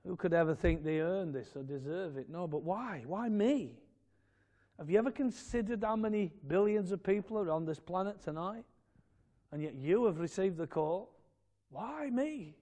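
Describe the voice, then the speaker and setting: A man preaching a fervent sermon in a church, swelling to loud emphatic peaks and dropping to quiet asides. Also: sits high, fairly quick. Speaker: pastor.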